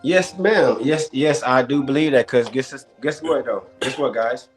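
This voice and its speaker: A man's voice: mid-range voice, measured pace, faint music behind. A man arguing his point in a casual debate, emphatic and rambling, circling back over the same words. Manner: emphatic, rambling, repeats himself. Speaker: debate contestant.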